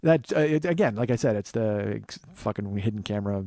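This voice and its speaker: A man's voice: on the low side, expressive, mellow, dry recording, studio quality. A man in his forties hosting a podcast, telling a long profane story in a monologue. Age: 40s. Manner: profane, fast-building storyteller. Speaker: podcast host.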